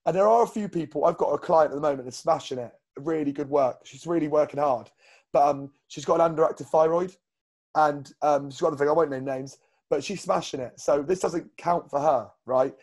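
A man's voice: on the high side, fairly quick, darkish tone. A man co-hosting a casual fitness podcast as a coach, blunt and rambling with lots of fillers.

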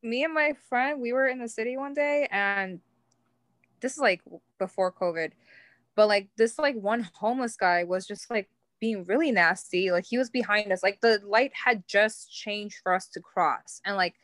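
A woman's voice: medium pitch, normal speed, a bit bright, dry recording. A young woman from New York with a New York accent, a podcast guest telling stories in casual chat, with many 'like' fillers. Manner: storytelling with heavy 'like' fillers.

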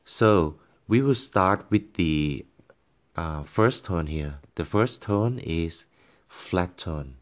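A male language teacher patiently explaining tones, halting with frequent fillers and demonstrating each tone by voicing syllables and musical notes. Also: low voice, animated. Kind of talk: tone pronunciation lesson.

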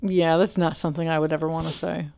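A woman's voice: sits low, flat delivery, quick pace, vocal fry, mellow, no echo. A woman co-hosting a casual true-crime podcast, reacting with amused, dry remarks. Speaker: podcast co-host.

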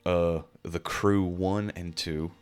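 A man's voice: low-pitched, slow, smooth, soft background music. A man co-hosting a casual video game podcast, rambling with lots of fillers. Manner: relaxed, rambling, frequent fillers. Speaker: podcast co-host. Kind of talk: casual chat.

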